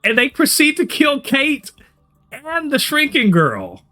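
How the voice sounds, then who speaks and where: A man's voice: extremely high pitch, wildly swooping pitch, takes it slowly, bright, forceful tone, soft background music. A man co-hosting a TV review podcast, chatting animatedly with lots of swearing and restarts. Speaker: podcast co-host. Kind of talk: casual review chat.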